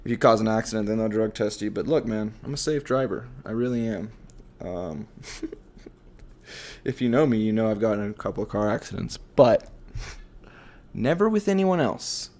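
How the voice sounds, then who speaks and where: A man hosting a casual podcast, ranting in a profane, animated way and laughing often. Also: fairly low pitch, normal speed, long pauses. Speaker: podcast host. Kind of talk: casual solo rant.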